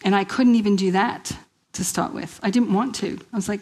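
A middle-aged woman from New York with a New York accent, giving a lively personal testimony at a women's church event and acting out the dialogue in her stories. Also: mid-range voice, brisk, breathy edge, poor audio. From Queens, New York. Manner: lively storyteller who acts out quoted dialogue and laughs often.

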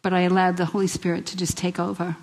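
A middle-aged woman from New York with a New York accent, giving a lively personal testimony at a women's church event and acting out the dialogue in her stories. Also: lowish voice, fast talker, low-quality recording. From Queens, New York. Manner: lively storyteller who acts out quoted dialogue and laughs often.

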